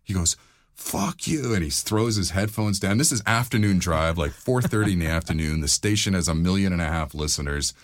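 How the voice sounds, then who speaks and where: A middle-aged man, a former radio DJ and voiceover artist, telling stories in a casual interview with lively acted-out quotes. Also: brisk, hardly any pauses, dry recording. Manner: animated anecdotes, acts out quotes with big pitch jumps.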